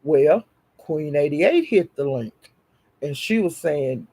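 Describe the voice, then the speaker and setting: A man telling a gossipy story in a casual, animated way. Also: on the high side, takes it slowly, slightly rough.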